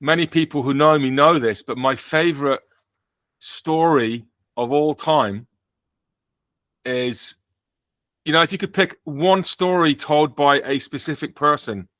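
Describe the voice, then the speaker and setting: A man's voice: a little high, measured pace, pauses often, fairly bright tone, no echo. A British man hosting a podcast in casual chat, joking and rambling with frequent self-corrections. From Britain. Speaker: podcast host.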